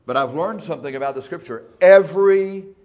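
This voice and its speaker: A male pastor preaching in a church, folksy and emphatic, speeding up and slowing down for effect. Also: medium pitch, dull audio. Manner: folksy, emphatic, shifting between fast and slow. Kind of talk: sermon.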